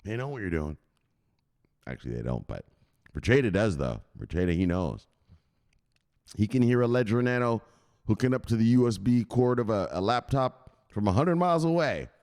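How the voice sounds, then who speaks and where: A boisterous male crypto host rambles in a casual livestream, swearing freely and shouting out viewers. His low voice swings up and down with lively pitch. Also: normal speed, pauses often.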